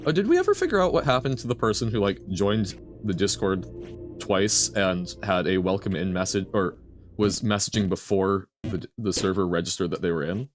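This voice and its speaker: Brief: male streamer, low voice with wide, bouncy swings, rambling chat over faint game music. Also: moderate pace. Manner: animated, rambling, self-correcting, answers chat. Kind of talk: casual live-stream chat while gaming.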